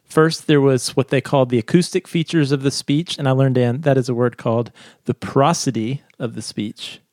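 A man's voice: medium pitch, steady tone, moderate pace, darkish tone, no room sound, studio quality. A man co-hosting a podcast, explaining a research study in a chatty way and laughing often. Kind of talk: casual science chat.

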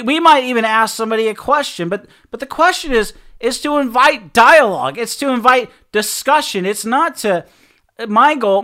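A man delivers a sermon through an animated personal story, voicing both sides of each exchange. His voice sits high and sounds bright and forceful, and he often repeats words and restarts as he goes. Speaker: preacher.

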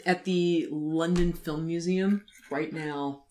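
A woman's voice: sits low, fairly even intonation, slow, a little mellow, slight background noise. A woman co-hosting a casual chat, talking with gushing enthusiasm. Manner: enthusiastic, gushing fan talk. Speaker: podcast co-host.

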